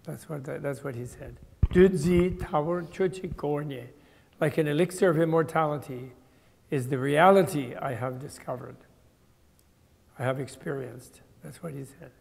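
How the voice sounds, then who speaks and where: A man's voice: mid-range voice, normal speed, vocal fry, slightly rough. An older man teaching a class on Buddhist terms, explaining thoughtfully and restarting his sentences as he goes. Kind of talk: lecture to a class. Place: lecture hall. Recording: reverberant hall.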